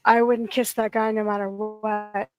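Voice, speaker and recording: A woman's voice: mid-range voice, level tone, a little slow, no room sound, dull audio, soft background music. A woman on a panel answering teasing with dry, dismissive quips. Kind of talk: casual panel banter.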